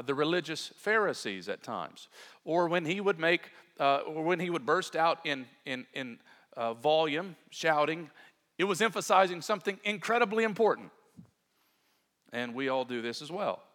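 A man's voice: a little high, a bit bright, long reverb tail. A man preaching a sermon in an earnest, emphatic way, often turning to talk straight to his congregation. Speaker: pastor.

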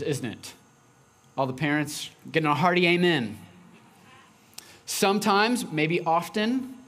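A man's voice: fairly high pitch, a bit bright. Conversational male pastor preaching. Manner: conversational, acts out quotes from his daughter. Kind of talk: sermon.

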